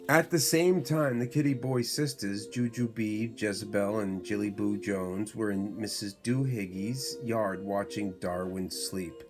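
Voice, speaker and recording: Brief: father reading a picture book at bedtime, lower voice, very slow, faint music behind. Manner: slow, unhurried reading aloud. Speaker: father reading to his son.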